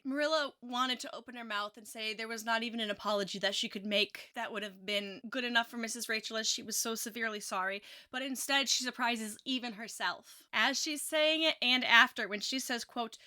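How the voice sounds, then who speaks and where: A woman's voice: fairly high pitch, a little fast, hardly any pauses, sharp tone. A woman giving casual, musing commentary on a novel, reading passages and correcting herself as she goes. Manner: chatty, musing, self-correcting. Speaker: book reviewer.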